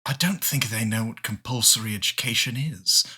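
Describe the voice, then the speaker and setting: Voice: medium pitch, normal speed, crowd noise, close to an everyday voice. Player doing a sarcastic grump. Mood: grumbling. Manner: dry, sarcastic complaining. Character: grumpy, sarcastic young man, disgruntled.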